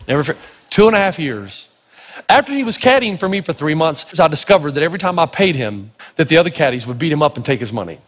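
Animated husky-voiced pastor preaching in a hall. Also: male voice, on the high side, fast talker. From Tennessee. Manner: animated, acts out voices in stories. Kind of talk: storytelling sermon. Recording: long reverb of a large hall.

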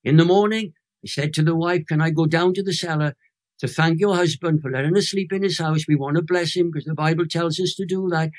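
A Welsh man in his eighties telling an emotional testimony story as an interview guest, with animated delivery and dramatic pauses. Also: a little high. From Wales. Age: 80s.

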